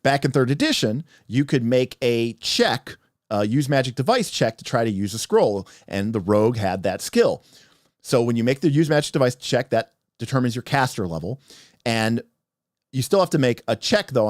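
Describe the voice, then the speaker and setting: A man narrating a tabletop game story on a livestream as game master, animated and rambling with restarts. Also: mid-range voice, moderate pace, no room sound, clean studio sound.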